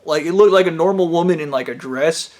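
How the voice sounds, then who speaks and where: Male vlogger, slightly high voice; casual, profane, excitable storytelling. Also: brisk. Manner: profane, excitable, breaks into loud yells.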